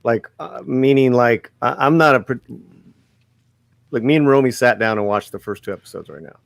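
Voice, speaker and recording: A man on a panel show speaking haltingly, with many restarts and fillers. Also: mid-range voice, gravelly, dry recording. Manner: halting, hesitant, full of restarts. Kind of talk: casual panel talk.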